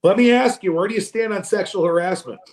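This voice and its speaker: A man co-hosting a podcast, talking sports in a profane, animated way and acting out quoted voices. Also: high-pitched, fast talker, echoey room. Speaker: podcast co-host. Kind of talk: casual sports chat.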